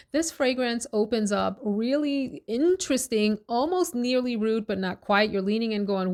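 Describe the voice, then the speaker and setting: A woman chatting casually in a fragrance review vlog, enthusiastic and talkative, dwelling on each scent note. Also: medium pitch. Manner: chatty, enthusiastic, lists scent notes slowly.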